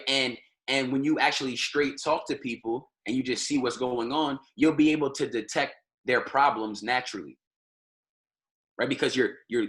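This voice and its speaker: A man leading a trading community call gives an informal motivational lesson, repeating phrases and ending nearly every point with "right?". His voice is medium pitch with a fairly bright tone.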